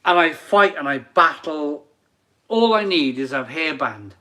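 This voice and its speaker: Bloke in his forties hosting a live stream, chatty, giggly, slow and bright. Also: a little high, lively intonation. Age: 40s. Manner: chatty, laughs often, reads chat comments aloud. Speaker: beer reviewer and live stream host. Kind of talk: casual live stream chat.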